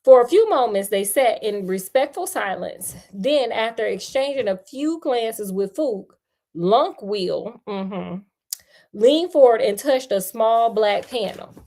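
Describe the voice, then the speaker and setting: A woman hosts a livestream storytelling session, narrating at an unhurried pace. She drifts into playful, joking asides to her viewers between passages. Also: on the high side, animated, mellow. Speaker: storyteller host. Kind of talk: livestream read-aloud with chatty asides.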